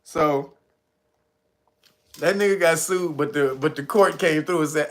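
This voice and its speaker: High, gravelly man laughing through a stream. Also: measured pace, long pauses, fairly bright tone. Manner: laughs constantly, loose and profane. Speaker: livestream host. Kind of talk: livestream chat commentary.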